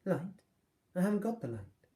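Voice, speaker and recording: A man voicing a nervous, panicky male fairground master who squeals in a shrill voice. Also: very animated, moderate pace, warm tone.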